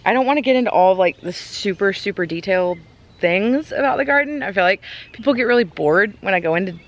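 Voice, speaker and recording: A woman's voice: mid-range voice, expressive, a little fast, muffled recording. A woman giving a casual tour of her garden, chatty and rambling, with ums and self-corrections, a little out of breath. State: out of breath from walking fast. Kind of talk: casual walking tour chat. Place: outdoors in a garden.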